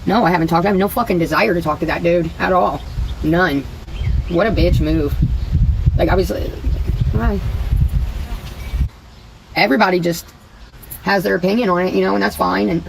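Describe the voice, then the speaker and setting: A woman's voice: lowish voice, creaky, a little hiss or hum, low-quality recording. A woman rambling and venting to her livestream chat in a casual, profane way.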